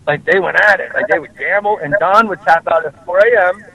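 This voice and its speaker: A man hosting a podcast in casual chat, telling stories in an animated way and acting out quoted voices. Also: high-pitched, a little fast, gravelly, breathy edge, poor audio. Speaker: podcast host.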